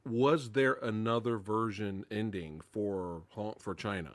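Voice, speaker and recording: A man's voice: on the low side, fairly even intonation, measured pace, no room sound. A man in a casual chat who laughs often and stammers his way into questions.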